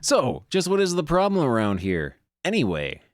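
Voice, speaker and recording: A man's voice: fairly high pitch, wildly swooping pitch, moderate pace, no room sound, studio quality, pitched above the performer's own voice. Man voicing an eager cartoon office worker hero. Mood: earnest.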